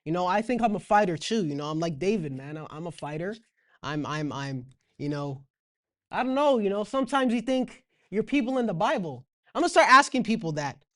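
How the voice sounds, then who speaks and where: A woman's voice: fairly low pitch, lively intonation, fairly quick. A woman with a Toronto accent reading scripture and explaining it in a casual, slangy Bible lesson. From Canada. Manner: reads scripture aloud, then explains it in slangy asides. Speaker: Bible teacher.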